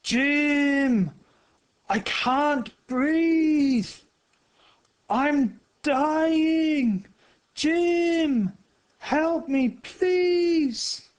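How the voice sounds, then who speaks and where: A man voicing a nervous young male thief in a storybook reading, with shrill, pleading lines. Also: animated, takes it slowly, few pauses, fairly bright tone, exaggerated voice. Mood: panicked. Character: high-strung, panicky young male thief.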